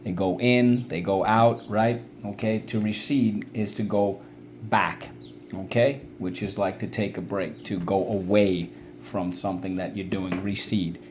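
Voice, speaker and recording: Man, spelling teacher for kids, fairly low voice, coaxing call-and-response drills, faint hiss behind. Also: steady tone, a little slow. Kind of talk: spelling lesson for children.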